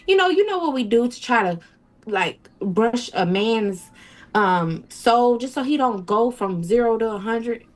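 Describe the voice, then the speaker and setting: A woman guest in an interview, telling a personal story in a halting, emotional way and acting out what people said. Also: on the high side, expressive. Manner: tells events with quoted dialogue, emotional, halting.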